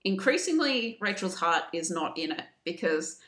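A woman co-hosting a podcast, recapping a story in casual chat, animated and laughing as she acts out the quotes. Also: fairly low pitch, moderate pace. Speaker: podcast co-host. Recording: roomy echo.

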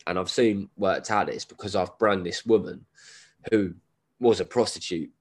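A man's voice: sits low, normal speed. A man, telling a story as a podcast guest in a casual, laddish way with plenty of swearing and slang; he has a cold. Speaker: guest, endurance runner.

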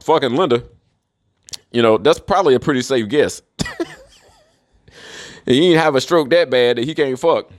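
A man in a rambling solo monologue, profane and mocking, who laughs often. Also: mid-range voice. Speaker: commentator.

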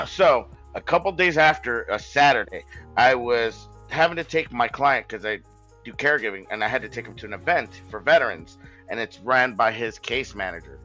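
Guy rambling thru a story on a podcast, cusses a lot, keeps restarting, bright voice, faint music under it. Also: mid-range voice, lively intonation, moderate pace, muffled recording. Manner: rambling, swearing, many restarts. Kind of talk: casual storytelling.

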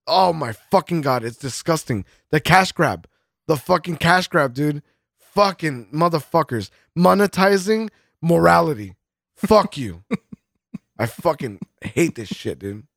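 This podcast co-host has a high, creaky, fairly bright voice that's animated yet unhurried. His casual rant is heated and profane, broken up by frequent laughs, in clean studio sound with no echo.

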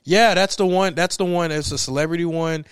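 A young man co-hosting a casual reaction chat, animated and slangy, laughing often and restarting his sentences. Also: a little high, a little fast, smooth, no echo, clean studio sound. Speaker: co-host.

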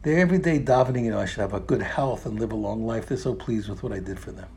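A man voicing a blunt, retired older man who gives frank, matter-of-fact advice in a low, quiet tone. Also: fast, natural voice.

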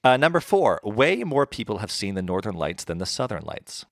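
A man with a fairly low voice hosts a relaxed trivia segment on a podcast. He explains each answer chattily and leans on fillers as he goes. The sound is close and dry. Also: normal speed, dry recording. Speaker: podcast host running a trivia quiz. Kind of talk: casual chat.

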